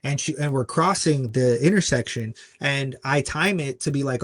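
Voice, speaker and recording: A man guest on a podcast, telling a story earnestly and acting out other people's lines with sudden jumps in pitch. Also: moderate pace, few pauses, no room sound. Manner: earnest, acts out quoted voices with big pitch jumps. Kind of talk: conversational storytelling.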